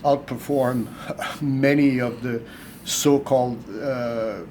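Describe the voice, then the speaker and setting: A man's voice: mid-range voice, steady tone, slow pace, darkish tone, slight background noise. A man who co-owns a turntable company, answering interview questions emphatically and repeating words as he builds his point. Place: audio trade show floor.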